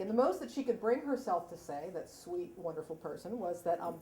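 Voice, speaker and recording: High-voiced woman telling a funny story on stage. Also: a little fast, some chatter behind. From Delaware, USA. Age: 40s. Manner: chatty, self-mocking, laughing through the tale. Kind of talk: live story slam telling. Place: stage before a live audience in a hall. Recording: echoey hall, audience noise.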